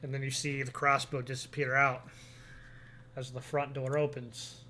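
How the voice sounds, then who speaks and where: A man's voice: medium pitch, level tone, moderate pace, bright, forceful tone, slight background noise. A young man narrating a tabletop game as game master, casual and rambling with many fillers.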